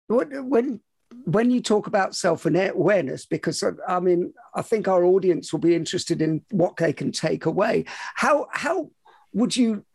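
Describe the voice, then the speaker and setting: A man with a high voice and a gravelly edge hosts a podcast. He works as a psychologist and asks chatty questions, often cutting himself off. His voice sounds dry and close. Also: animated, moderate pace, darkish tone, dry recording. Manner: chatty, questioning, self-interrupting. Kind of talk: podcast interview.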